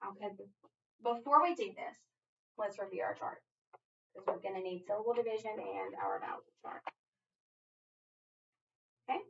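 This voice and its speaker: A woman tutoring reading, walking a student through phonics coding rules at a slow, deliberate pace. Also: medium pitch, creaky, far from the mic, slight background noise. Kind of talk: structured phonics lesson. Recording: muffled audio from away from the mic.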